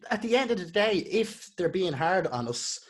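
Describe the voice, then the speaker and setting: A man's voice: high voice, very animated, normal speed. An Irish man hosting a podcast, speaking his mind bluntly and swearing freely. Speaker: podcast host. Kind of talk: casual chat.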